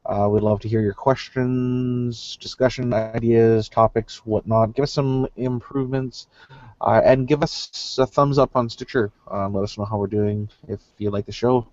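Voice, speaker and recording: A man hosting a gaming podcast, wrapping up the show in a relaxed way with lots of ums and uhs. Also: medium pitch, normal speed, no echo, dull audio. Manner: relaxed, filler-heavy sign-off. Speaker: podcast host. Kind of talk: casual chat.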